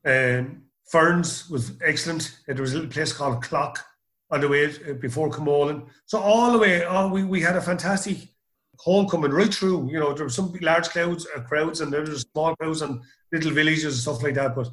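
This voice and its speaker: A man's voice: fairly high pitch, moderate pace, fairly bright tone. A middle-aged Irish man telling stories in an interview, rambling and repeating words as he goes. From Ireland. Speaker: guest. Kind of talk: storytelling interview.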